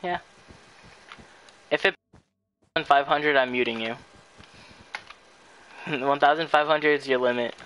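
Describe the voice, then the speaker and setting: A young man on a late-night game stream who talks slowly and drawls his words. He sounds worn out and exasperated, often begging his chat to stop. A faint hiss of noise sits under his voice. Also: a little high, a bit bright, low-quality recording. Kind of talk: casual gaming stream chat.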